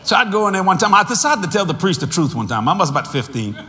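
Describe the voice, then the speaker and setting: Animated older preacher in echoey hall. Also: male voice, high voice. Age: 60s. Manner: animated storytelling with laughter and sudden shouts; drawn-out emphatic phrasing. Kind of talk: sermon.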